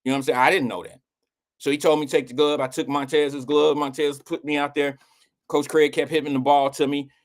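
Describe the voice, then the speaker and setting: A middle-aged man hosting a live show, telling a personal story in a blunt, animated way, with casual swearing and acted-out quotes. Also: fairly quick. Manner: animated, acts out quotes with swings in pitch. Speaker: host.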